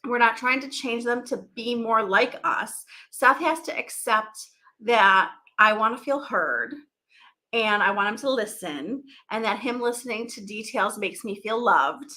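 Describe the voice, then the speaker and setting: A woman's voice: fairly high pitch, a little slow, sharp tone. A middle-aged woman hosting a podcast, chatting casually in a rambling, laughing way. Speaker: podcast host. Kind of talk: casual live chat.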